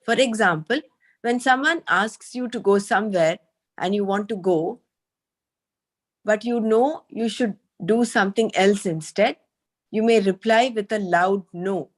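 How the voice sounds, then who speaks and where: A woman reads a spiritual text aloud to a small group and then explains it in her own words. Her delivery is measured and thoughtful, with hesitant fillers when she talks freely. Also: mid-range voice. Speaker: study group leader reading the text.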